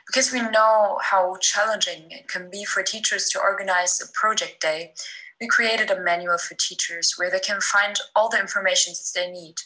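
A woman, a design student, reads a scripted presentation in a steady, explanatory way. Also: medium pitch, normal speed, low-quality recording.

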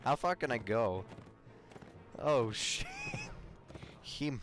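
Brief: young male gamer, lively swooping pitch, slow drawn-out delivery, loud swearing reactions, faint game music underneath. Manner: loud, swearing, laughing outbursts, mock taunts. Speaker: gaming YouTuber. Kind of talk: excitable let's play commentary.

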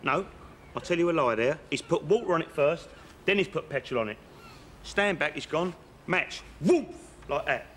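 Man, comic joke-telling, rambling and chatty, bright tone, faint hiss. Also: fairly high pitch, expressive, normal speed. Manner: rambling and chatty, corrects himself mid-story. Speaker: comedian.

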